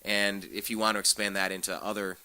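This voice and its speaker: A young man hosts a political talk show, animated and opinionated, cracking jokes as he goes. His voice is bright and forceful, sitting a bit low. The sound is dry and close. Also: fairly quick, clean tone, no room sound. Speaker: host.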